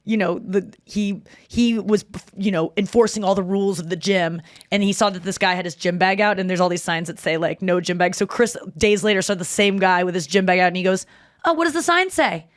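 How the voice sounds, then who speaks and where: Brisk and animated, this woman hosts a podcast where she swaps stories in casual conversation, swearing freely and voicing quotes in a higher pitch. The recording is clean studio sound with no echo.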